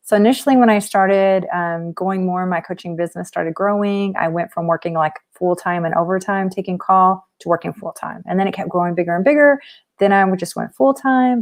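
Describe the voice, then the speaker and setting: A woman's voice: fairly low pitch, a little mellow. A woman in her forties from Texas with a Southern twang, a life coach chatting casually on a live stream in an upbeat way with lots of ums. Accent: Texan Southern. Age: 40s.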